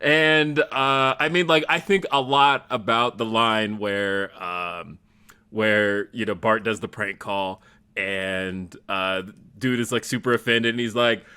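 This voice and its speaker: A man's voice: on the low side, slow, clear, resonant tone. A man hosting a podcast, telling stories in a casual chat with lots of animation and laughter. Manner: animated storytelling with frequent laughter. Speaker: podcast host.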